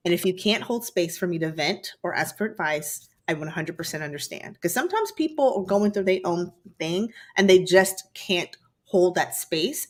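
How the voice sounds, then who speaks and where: A woman co-hosting as a counselor and healer, chatting casually and acting out the people she quotes. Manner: animated storyteller, acts out quotes with big jumps in pitch. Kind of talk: casual chat.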